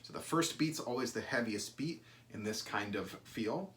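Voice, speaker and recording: A man's voice: lowish voice, animated, normal speed, slight background noise. A man teaching a violin lesson, explaining bowing and shifting and counting out beats. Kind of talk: instrumental music lesson. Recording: loud violin playing under the talk.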